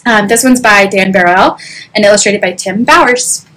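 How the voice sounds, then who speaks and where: A woman reading a children's picture book aloud, animated, with lots of exclamations. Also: medium pitch, normal speed, rough recording. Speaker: children's story reader.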